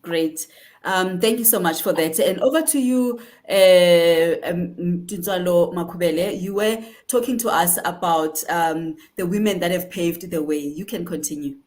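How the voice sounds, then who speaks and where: A woman's voice: lowish voice, unhurried. A woman from South Africa moderating an online panel, talking hesitantly with lots of ums and uhs. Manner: hesitant, many fillers, warm praise.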